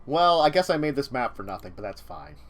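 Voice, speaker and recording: A man's voice: a little high, expressive, a little fast, creaky, noisy background. Playful laughing game master man. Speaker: dungeon master. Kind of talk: running a tabletop game.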